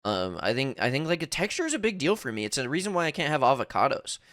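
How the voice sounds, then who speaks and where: A man co-hosting a podcast in casual chat, emphatic and profane, with quick, blunt opinions. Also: mid-range voice, huge pitch swings, a bit bright, no room sound, studio quality. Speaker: podcast co-host.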